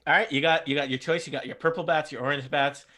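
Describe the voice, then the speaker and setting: Male game master, light teasing tone, slightly high pitch. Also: steady tone, fast, sharp tone. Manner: joking, self-mocking. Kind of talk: casual tabletop game chat.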